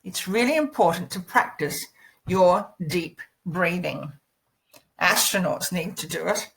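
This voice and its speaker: Picture a woman coaching listeners through voice habits, her pitch rising and falling freely as she talks. She demonstrates phrases with varied emphasis and sings short practice scales. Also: lively intonation, a little slow, gravelly, fairly bright tone, rough recording. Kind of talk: instructional lesson.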